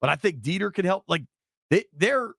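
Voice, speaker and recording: A man hosting a sports radio show, chatting excitably with callers and his co-host in a studio. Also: sits high, moderate pace, creaky, no echo. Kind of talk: sports talk radio chat. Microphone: studio microphone.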